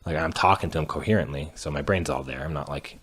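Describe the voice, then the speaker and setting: A young man telling his own story in a halting, candid way, with many fillers, restarts and the odd curse word. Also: rumbling low, fairly bright tone, slightly rough. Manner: earnest, candid, occasionally cursing. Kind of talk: personal storytelling monologue.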